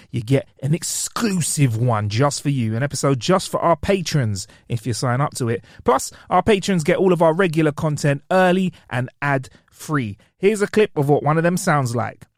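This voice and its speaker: Lively man, playful podcast co-host. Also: fairly high pitch, no room sound, clean studio sound. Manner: jokey, animated, quick to laugh. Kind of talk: casual podcast chat.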